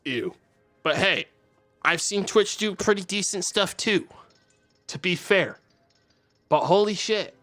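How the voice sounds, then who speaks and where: A man's voice: sits high, expressive, slow pace, long pauses, fairly bright tone, faint music behind. A man streaming live, ranting with exasperation and heavy swearing to his chat. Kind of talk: angry live-stream rant.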